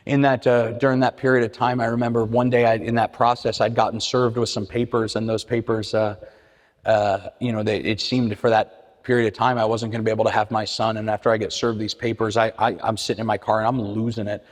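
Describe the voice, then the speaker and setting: A man's voice: fairly low pitch, level tone, brisk. A middle-aged man telling his recovery story at a meeting, earnest, with frequent restarts and repeated words. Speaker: AA meeting speaker. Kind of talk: personal recovery talk. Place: church meeting hall. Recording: hall reverb.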